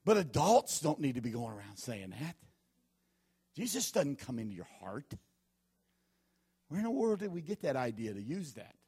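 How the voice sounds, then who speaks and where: A man's voice: medium pitch, sing-song, moderate pace, long pauses, warm tone, slightly rough, no room sound, clean studio sound. A man preaching a sermon as pastor, telling folksy stories and repeating his warnings with emphasis.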